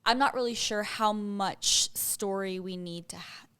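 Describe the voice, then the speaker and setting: A woman's voice: mid-range voice, a little slow, fairly bright tone, clear, resonant tone. A woman co-hosting a podcast, asking questions and thinking things over in casual chat. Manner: questioning, thoughtful. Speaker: podcast co-host.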